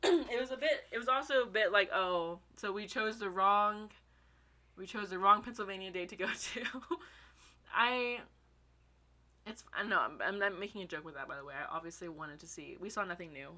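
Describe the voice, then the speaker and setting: A young woman in casual vlog commentary, excitable and gushing, swearing casually and a little out of breath. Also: medium pitch. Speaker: fan ranking songs.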